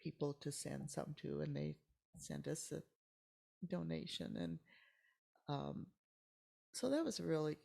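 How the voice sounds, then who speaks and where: An older woman with a heavily gravelly, husky voice tells a personal story as a podcast guest. She speaks haltingly and with feeling, her voice sinking now and then to a near-whisper. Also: low voice, warm tone. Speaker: church member guest.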